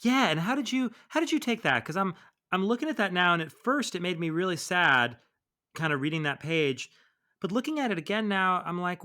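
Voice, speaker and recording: A male podcast co-host with a bright, forceful voice pitched a little high. He chats in a loose, animated way, laughing often and dropping casual swears. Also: fairly quick. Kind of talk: casual chat.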